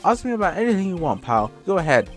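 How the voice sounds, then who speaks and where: A man voicing an eager, goofy male police detective in a game, talking loud and excitable. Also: high-pitched, fast talker, faint music behind, voice pushed up. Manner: loud, excitable, keeps saying "pal".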